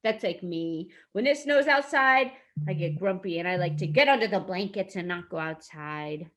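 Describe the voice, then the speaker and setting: A woman's voice: on the low side, lively intonation, normal speed, fairly bright tone. A woman teaching an online preschool class, reading a storybook aloud and gasping and asking the children questions. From lives in a hot desert city in the US west.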